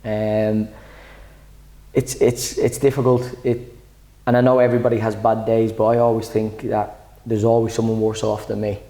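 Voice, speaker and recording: A man's voice: lowish voice, little pitch movement, normal speed, warm tone, poor audio. A man, the club's head coach, answering interview questions in a chatty way, often repeating words as he starts a thought. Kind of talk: sit-down interview.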